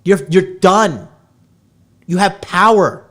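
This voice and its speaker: A man's voice: high-pitched, slow pace, fairly bright tone. A male podcast host giving dating advice in a brash, profane rant, lecturing his listeners.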